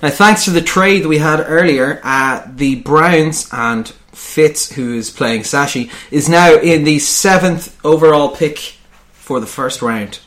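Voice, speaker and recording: A man's voice: a little high, slow, a bit bright. A man hosting a casual, joking podcast chat, laid-back, laughing often and swearing freely. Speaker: podcast host running a mock draft.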